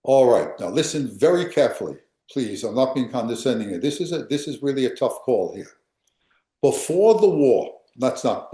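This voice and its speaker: A man's voice: mid-range voice, mellow, roomy sound. An older man, a history professor, lecturing emphatically and answering questions, often repeating and restarting phrases.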